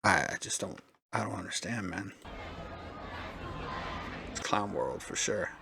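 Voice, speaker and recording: A man's voice: sits low, animated, a little slow, vocal fry, background noise. A man hosting a reaction commentary, talking casually with sarcastic, muttered asides and frequent swearing. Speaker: commentary channel host.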